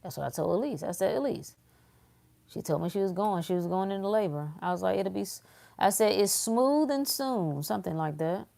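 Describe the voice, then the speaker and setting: A woman's voice: fairly low pitch, fairly quick, gravelly, warm tone. A woman hosting a casual motivational livestream, talking emphatically to her viewers and repeating phrases to drive her points home. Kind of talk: casual motivational talk to a live audience.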